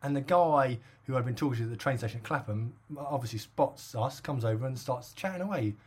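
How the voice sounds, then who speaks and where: A husky middle-aged man from England rambles through a story in casual podcast chat. He fills his talk with "like" and "obviously" and laughs as he goes, at an average pitch. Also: a little fast. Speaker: podcast co-host.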